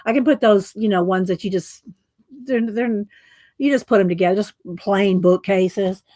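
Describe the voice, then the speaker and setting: A woman's voice: mid-range voice, moderate pace, warm tone. A middle-aged woman hosting a casual livestream, chatting in a rambling way, laughing often and greeting her viewers. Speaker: livestream host.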